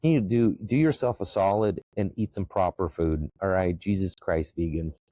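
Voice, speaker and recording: A man from the former Soviet Union, hosting a podcast and delivering a profane, emphatic comedic rant that often jumps into a high excited pitch. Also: normal speed, no room sound, low-quality recording. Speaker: podcast host.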